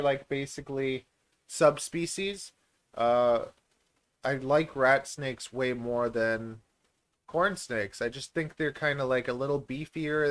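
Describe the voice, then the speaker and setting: A man's voice: fairly high pitch, fairly bright tone. A man from Canada, a reptile breeder hosting a casual live-stream Q&A, who rambles and pokes fun at himself between lots of filler words. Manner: rambling, self-deprecating, many filler words. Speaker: reptile breeder and channel host.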